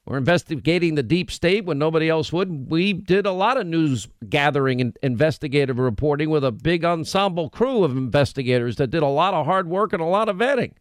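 A middle-aged man with a New York accent hosting a talk radio show, emphatic and quick, often breaking off mid-sentence. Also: on the high side, lively intonation, no echo. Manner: emphatic, rapid, self-interrupting.

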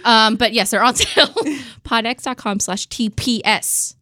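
A woman's voice: on the high side, measured pace, sharp tone, no echo, clean studio sound. A woman co-hosting a podcast in casual chat, telling stories animatedly and swearing freely. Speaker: podcast co-host.

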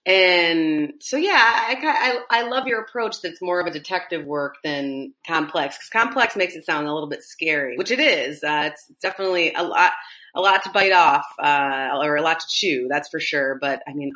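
A woman's voice: deep voice, moderate pace, pushed and bright. A woman with a Midwestern American accent hosting a podcast interview, asking rambling, enthusiastic questions. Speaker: podcast host. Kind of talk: casual interview chat.

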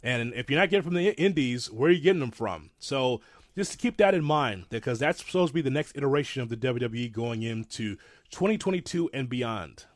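A man co-hosting a wrestling talk show, rambling and animated, calling himself an old-school fan. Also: mid-range voice, brisk, no room sound. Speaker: podcast co-host.

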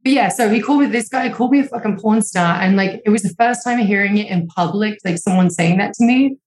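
A woman's voice: medium pitch, quick pace, darkish tone. Young woman, podcast guest, candid and emotional, heavy swearing and "like" fillers, echoey home room. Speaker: interview guest. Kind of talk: candid conversational storytelling.

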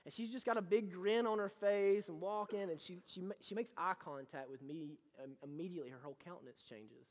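A young man preaching a sermon as pastor, moving between quiet, personal storytelling and loud, impassioned exhortation. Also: sits high, a little fast, few pauses, big-room sound. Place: church sanctuary.

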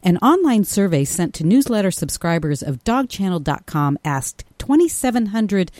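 A woman reading a radio news update, clear and measured. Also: mid-range voice, big pitch swings, a little mellow, no echo. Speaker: news reader.

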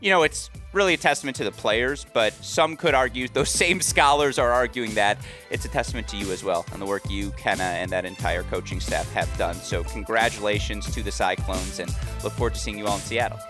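A man's voice: on the low side, brisk, hardly any pauses, music in the background. A man hosting a tennis interview, asking long winding questions. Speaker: tennis podcast host.

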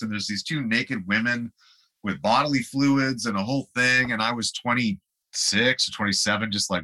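A man's voice: lowish voice, moderate pace, sharp tone. A man, a guest musician, telling rambling anecdotes in a casual interview and laughing along the way.

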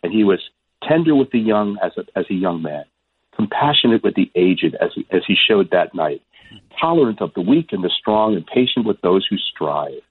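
A man in his sixties from Florida, a guest sportscaster telling stories in a phone interview, animated and stammering on restarts. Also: deep voice, moderate pace, no room sound. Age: 60s. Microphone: telephone. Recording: husky, dry phone line.

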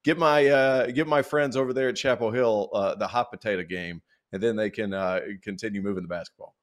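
A man's voice: fairly low pitch, steady tone, a little fast. A man with a Southern US accent co-hosting a casual sports podcast, playful and rambling. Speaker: podcast co-host.

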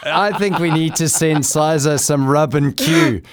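A man's voice: on the high side, steady tone, a little slow, very noisy. A man who co-hosts a cricket talk show as a former player, chatting in an easygoing, self-deprecating way. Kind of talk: casual studio banter.

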